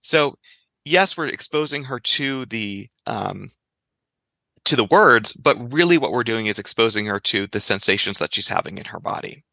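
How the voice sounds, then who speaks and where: A man speaking as a clinical psychologist guest in a conversational interview, explaining in a lively way and giving examples. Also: mid-range voice, moderate pace, vocal fry, no room sound.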